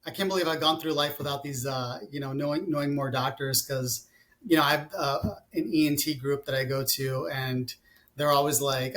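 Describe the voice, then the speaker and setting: A man's voice: medium pitch, fairly even intonation, normal speed, a bit bright. A man in his forties, a company founder talking about his business in a casual interview, rambling with many fillers and restarts. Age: 40s.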